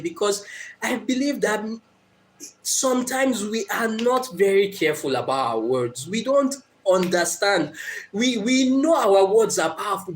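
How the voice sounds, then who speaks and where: A man preaching an evening sermon, telling a story with acted-out quotes and emphatic repetition. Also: sits high.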